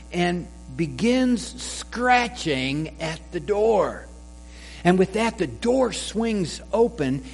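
A man preaching a sermon, telling a joke with character voices before reading scripture and explaining it. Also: sits high. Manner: slow, measured delivery with a joke told in voices. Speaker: pastor. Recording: faint mains hum.

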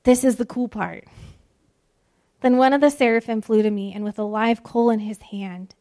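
A woman with a fairly high voice delivers a devotional talk to her listeners. She speaks earnestly, drawing out key phrases with deliberate pauses for emphasis. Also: fairly even intonation, darkish tone. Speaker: ministry speaker. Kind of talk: devotional sermon.

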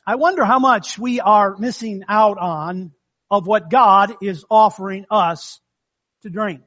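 A man's voice: sits high, a little slow, fairly bright tone, lo-fi sound. A man preaching a sermon as pastor in a folksy, conversational way, calling out amens to the congregation.

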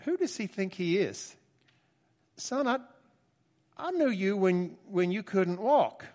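A man putting on high, mocking older village women. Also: animated, slow, warm tone, in a large hall. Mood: scornful. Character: gossiping older village women, scornful and nosy.

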